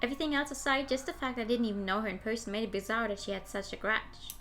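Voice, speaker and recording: A woman's voice: fairly high pitch, steady tone, quick pace, hardly any pauses, a bit bright, slight background noise. Young woman streamer reading game text. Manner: chatty, reads game text and comments on it. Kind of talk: playing and reading a visual novel aloud.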